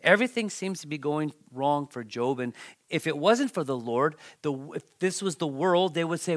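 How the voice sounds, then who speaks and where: A man's voice: on the high side, expressive, normal speed. A man preaching a sermon, reading scripture with dramatic emphasis and turning to the congregation with conversational asides. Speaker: pastor.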